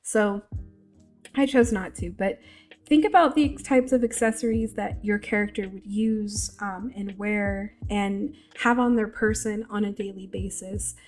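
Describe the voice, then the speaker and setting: A woman's voice: medium pitch, steady tone, a little slow, darkish tone, soft background music. A congested woman giving a casual tutorial, rambling with lots of fillers and restarts. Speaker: VTuber tutorial creator.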